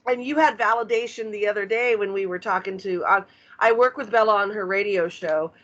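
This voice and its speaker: A woman co-hosting a casual chat, supportive and agreeing, often halting mid-sentence. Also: medium pitch, a bit bright. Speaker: podcast co-host. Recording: slightly dull lo-fi sound.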